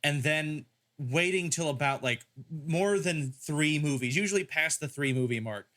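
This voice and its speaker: A man's voice: fairly high pitch, measured pace, sharp tone. A man in casual podcast chat, rambling through joking riffs.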